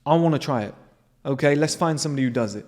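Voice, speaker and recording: Man, host, casual monologue, animated, swears freely, mid pitch. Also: fast talker. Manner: animated, swears freely, addresses viewers as guys.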